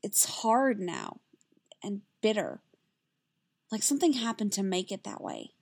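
A woman's voice: mid-range voice, wildly swooping pitch, a little slow, vocal fry, darkish tone, dry recording, full character voice. A woman voicing an earnest, anxious young female Jedi apprentice in a story reading.

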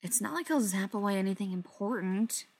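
A woman reading the lines of a sharp-eyed teenage boy, insistent and curt with the others. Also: mid-range voice, animated, fairly quick.

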